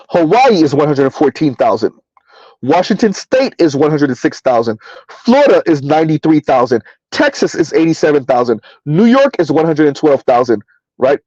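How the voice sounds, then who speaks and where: A man hosting a casual livestream, reading numbers aloud and answering his chat in a relaxed, chatty way. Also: on the high side, no room sound, dull audio. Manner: casual, chatty, addresses listeners as y'all. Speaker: livestream host.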